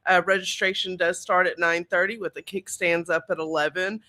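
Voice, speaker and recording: A woman's voice: lowish voice, steady tone, a little fast, sharp tone. A woman in a casual panel chat, steadily listing event details with fillers. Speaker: event organizer.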